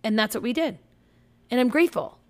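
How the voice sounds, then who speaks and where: A woman co-hosting a podcast, a mother of four talking in animated, swear-heavy banter, acting out her own yelling. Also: on the high side, a little fast. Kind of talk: casual couple banter.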